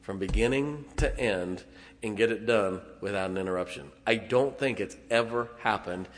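A man's voice: fairly low pitch, normal speed, slight background noise. A middle-aged man preaching a sermon as pastor, folksy and self-deprecating, with frequent chuckles. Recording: long hall reverb.

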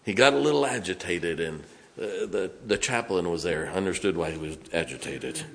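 A middle-aged man preaching a storytelling sermon in a church, folksy, swinging from loud to hushed. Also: deep voice, expressive, normal speed, creaky. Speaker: pastor. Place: church sanctuary.

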